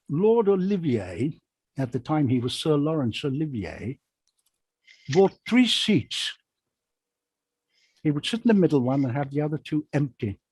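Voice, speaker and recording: A man's voice: on the high side, darkish tone, husky, no room sound. A man, a magician, telling a rambling show-business story in a panel chat over a video call, often correcting himself.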